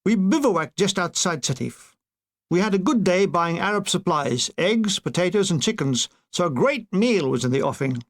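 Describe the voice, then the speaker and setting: An older man narrates the audiobook of his own war memoir in a high-pitched, lively voice at a moderate pace. His comic timing is dry, with brief put-on voices.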